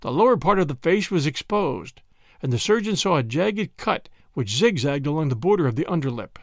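Man, story narrator, expressive dramatic reading, lively pitch, dry close sound. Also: brisk, no echo.

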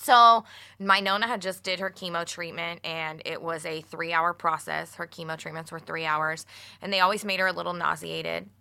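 A woman with a lowish but bright, forward voice tells a story on a casual talk show. She is animated and profane, mixing laughter into her telling. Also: moderate pace, gravelly, clean tone. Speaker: podcast co-host. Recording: studio mic, radio show.

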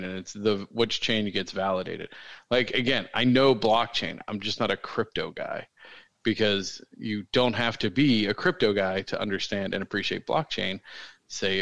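A man's voice: lowish voice, fairly bright tone, dry recording, low-quality recording. A man co-hosting a podcast, chatting casually and rambling with jokes and many fillers. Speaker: podcast co-host. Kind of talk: casual chat.

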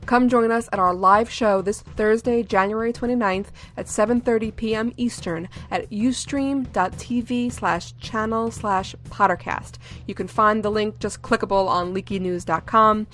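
A woman's voice: mid-range voice, steady tone, unhurried, few pauses, a bit bright. A woman co-hosting a podcast, giving announcements in a chatty, giggly manner. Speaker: podcast co-host. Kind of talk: casual podcast chat and announcements.

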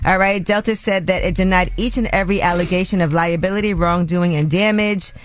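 A woman with a New York accent hosting a radio show, reading news items in a relaxed, chatty way and laughing often. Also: on the low side, fairly quick. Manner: upbeat, laughs often, reads stories conversationally. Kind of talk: casual radio chat and news segments.

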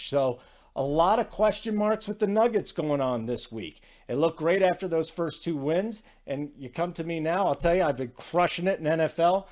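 A man hosting a sports betting show, talking in a chatty, energetic and digressive way. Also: fairly high pitch. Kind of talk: casual sports talk.

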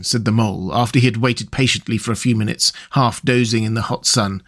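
A man reading a classic storybook aloud as narrator, calm, measured and gently expressive. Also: lowish voice.

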